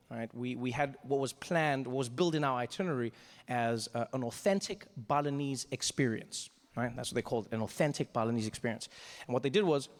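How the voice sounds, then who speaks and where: A South African man doing stand-up comedy, telling a story with animated delivery. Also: medium pitch, big-room sound. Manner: animated storytelling, acting out voices.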